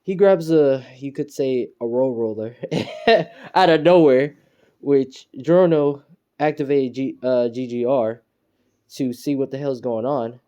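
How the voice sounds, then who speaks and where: Mellow-voiced man rambling through a fan story. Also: medium pitch, takes it slowly, smooth, muffled recording. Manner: rambling, loose, with fillers and chuckles. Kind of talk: casual retelling of a fan story.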